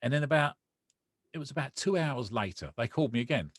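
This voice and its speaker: A podcast guest tells a personal story with real feeling, acting out the conversations he remembers in an emotional, animated retelling full of quoted dialogue. His mid-range voice is slightly rough and fairly quick, with no echo.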